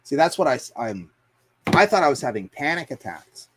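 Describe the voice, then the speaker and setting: A man talks casually on a livestream at a middle pitch. He rambles through his stories with plenty of swearing and filler words, laughing now and then. He reacts to viewer comments in a blunt, offhand way. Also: sing-song, moderate pace, slightly rough. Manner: profane, rambling storytelling with frequent fillers and laughs. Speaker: livestream host.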